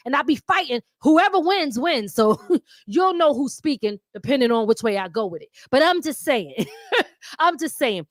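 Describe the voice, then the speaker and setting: A middle-aged woman from Philadelphia with a mixed Philadelphia and New York accent, hosting a talk show in a blunt, slangy, animated monologue full of laughter. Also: high voice, brisk, no echo, studio quality. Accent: mix of Philadelphia and New York. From Philadelphia, USA. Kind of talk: casual monologue to viewers.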